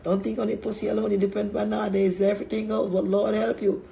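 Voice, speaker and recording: Dude with a high mellow voice ranting filthy stuff, laughing till he cries. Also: completely flat delivery, fast talker, vocal fry. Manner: crude, laughs through his words, tearful from laughing. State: laughing to tears, runny nose. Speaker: vlogger. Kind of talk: profane laughing rant to camera.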